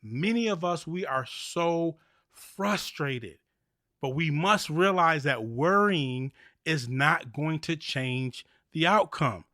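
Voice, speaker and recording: A man hosting a motivational faith talk podcast, talking in an animated, preachy way and repeating key phrases. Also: fairly high pitch, slow pace, no echo, studio quality. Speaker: podcast host.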